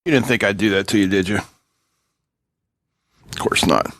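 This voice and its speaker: A man's voice: on the low side, normal speed, fairly bright tone, no echo, clean studio sound. A man hosting an electronics tutorial from his workbench, talking casually and joking with viewers while he solders and tests a circuit board. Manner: joking, chatty asides while working. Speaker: electronics channel host.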